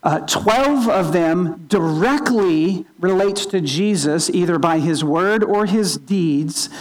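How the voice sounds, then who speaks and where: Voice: animated, slow, rough recording. A pastor giving a sermon in an earnest teaching tone, often restarting and repeating small words. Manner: opens with a quiet, low spoken prayer.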